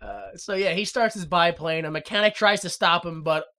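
A podcast co-host excitedly recapping an episode in casual chat, laughing often and acting out the scenes. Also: mid-range voice, moderate pace, gravelly.

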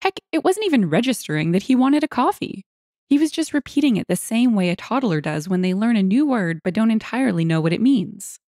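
Lively woman telling stories. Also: fairly high pitch, brisk, no room sound, clean studio sound. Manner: lively, expressive storytelling with acted quotes. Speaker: story narrator. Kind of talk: reading internet stories aloud.

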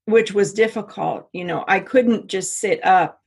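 Husky middle-aged woman telling her story. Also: medium pitch. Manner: halting, many restarts and repeats. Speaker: interview guest. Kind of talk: personal story in conversation.

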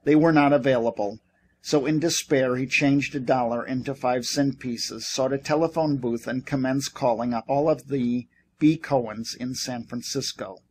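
A man reading a novel aloud as an audiobook narrator. His voice sits at a middle pitch, and he tells the story at a steady, even pace. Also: normal speed, slight background noise.

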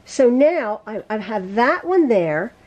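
A woman teaching a quilting lesson in her home sewing room, chatty and quick to laugh at and correct her own mistakes. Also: a little high, big pitch swings, darkish tone. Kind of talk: casual sewing tutorial.

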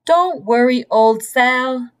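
Squeaky tiny piglet girl, cheeky and cheerful, very high voice, storybook, as a woman puts her on. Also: slow, clear, resonant tone. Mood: eager. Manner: squeaky and bright. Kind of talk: read-aloud storybook.

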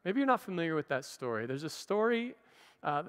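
High bright pastor in a reverberant hall. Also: male voice, big pitch swings, fairly quick. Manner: conversational teaching with playful asides. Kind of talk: sermon. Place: church hall. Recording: church livestream with long reverb.

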